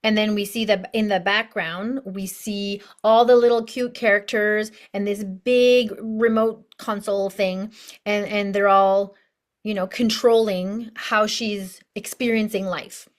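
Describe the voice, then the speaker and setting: A woman's voice: medium pitch, fairly even intonation, measured pace. A woman life coach teaching an online course lesson in a bubbly, chatty way, full of asides.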